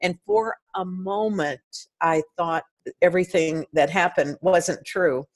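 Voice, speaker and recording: An older woman speaks in a low, deep voice. She tells a hard personal story with earnest, heartfelt emotion, as a guest in a conversation. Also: fairly even intonation, unhurried. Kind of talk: interview testimony.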